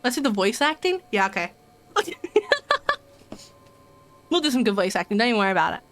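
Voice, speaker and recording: Very animated and a little fast, this young woman's bright, medium-pitched voice fills a casual gaming stream. She jokes and giggles while chatting with her viewers as she plays.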